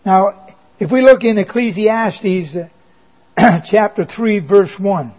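Slow, high-voiced preacher on lo-fi audio. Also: male voice. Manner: slow, emphatic preaching with dry asides. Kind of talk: sermon. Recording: dull lo-fi recording.

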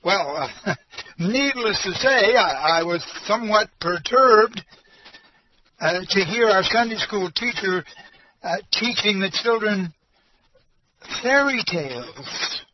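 A man preaches a storytelling sermon at a slow, halting pace, with a fairly high voice. He talks in a folksy way, with fillers and repeated words. The recording is muffled and lo-fi, with faint hiss. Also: animated. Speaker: pastor.

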